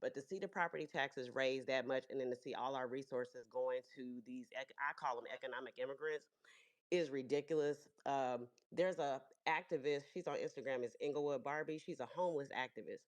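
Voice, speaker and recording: A woman's voice: rumbling low, brisk. A woman calling into a livestream, telling a story in a chatty way. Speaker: caller. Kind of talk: casual call-in commentary.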